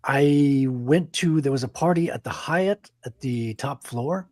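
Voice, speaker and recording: A man's voice: mid-range voice, unhurried, darkish tone, dry recording. A man in his forties from Quebec with a French Canadian accent, casually telling rambling stories as a podcast host. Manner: rambling anecdotal storyteller. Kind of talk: casual chat.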